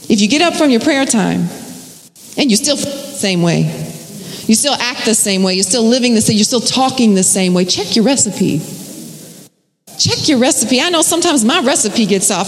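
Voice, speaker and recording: A woman's voice: high voice, fairly bright tone, a little hiss or hum. A woman preaching a sermon with rhythmic repetition and folksy, conversational asides. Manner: rhythmic, repeating phrases for emphasis. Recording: echoey hall with long reverb.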